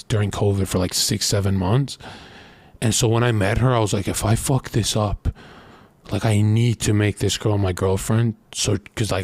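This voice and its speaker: A man's voice: on the low side, darkish tone, no room sound. Man, late twenties, brash and crude, rambling boastful streamer monologue, dry close sound. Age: late 20s. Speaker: streamer giving dating advice. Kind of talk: casual monologue.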